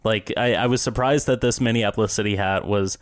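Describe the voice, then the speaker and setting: A man's voice: lowish voice, fairly even intonation, brisk, no room sound, studio quality. A man co-hosting a casual podcast, hesitant and a bit stammering. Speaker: podcast co-host. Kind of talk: casual chat.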